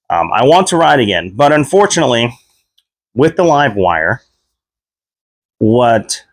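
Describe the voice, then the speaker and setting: A man in his thirties casually telling a personal story, leaping up in pitch whenever he replays his own reactions. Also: dry recording, clean studio sound. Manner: animated retelling, voice jumps high when quoting himself. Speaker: vlogger.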